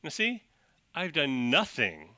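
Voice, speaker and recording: A man's voice: fairly high pitch, wildly swooping pitch, takes it slowly, bright, forceful tone, dry recording, lo-fi sound, heavily acted. A man voicing a self-righteous male town enforcer who lectures in a pompous, preachy way. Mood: smug.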